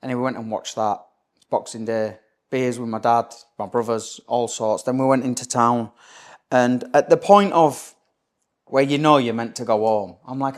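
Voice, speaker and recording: A man's voice: mid-range voice, normal speed. Blunt, sweary Yorkshire man telling his story. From Leeds area, England. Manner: blunt, sweary, calls the listener "mate", keeps saying "do you know what I mean". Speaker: podcast guest. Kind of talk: candid personal storytelling.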